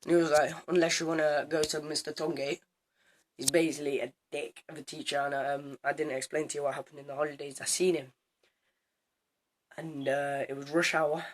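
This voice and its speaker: A teenage boy telling a story to camera in a casual vlog, animated and swearing, acting out both sides of an argument. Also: a little high, brisk. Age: teens. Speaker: student vlogger.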